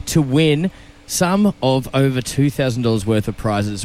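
A man's voice: mid-range voice, animated, a little slow, darkish tone. A man co-hosting a live radio outside broadcast, talking up prizes with enthusiastic promotional patter. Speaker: radio co-host.

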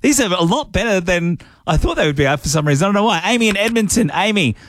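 Aussie radio guy, high voice, dry close sound, hypes up callers, laughs a lot. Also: expressive, fast, a bit bright, no echo. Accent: Australian. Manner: laughing, enthusiastic, says "mate" often. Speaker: radio host. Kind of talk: call-in radio chat.

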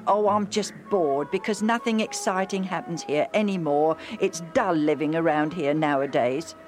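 A woman's voice: sits low, normal speed, soft background music, close to an everyday voice. A woman voicing Joe, a bored, restless boy who grumbles and daydreams eagerly. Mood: wistful. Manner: grumbling, then wistful and excited.

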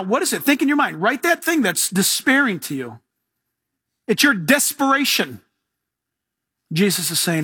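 Pastor guy preaching, kinda high husky voice, super animated and jokey, dry sound. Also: moderate pace, no room sound. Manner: animated, joking, acts out quoted voices. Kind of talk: casual sermon.

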